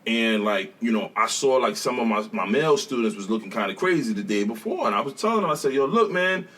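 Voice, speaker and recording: Man, schoolteacher guest, casual storytelling, quick talker, animated, laughs often, slightly distant from the mic. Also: medium pitch. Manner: animated, laughing storyteller who acts out quotes. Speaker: teacher, guest.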